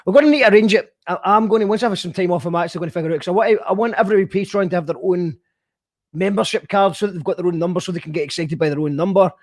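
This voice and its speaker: High-voiced man, chatty host. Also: racing, no room sound, studio quality. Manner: rambling, jokey, thinks aloud. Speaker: podcast host. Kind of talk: casual chat.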